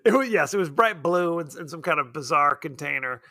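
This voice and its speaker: High bright-voiced joking man. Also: lively intonation, a little fast, no room sound, clean studio sound. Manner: sarcastic, joking, laughs often. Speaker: podcast co-host. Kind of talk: casual film review chat.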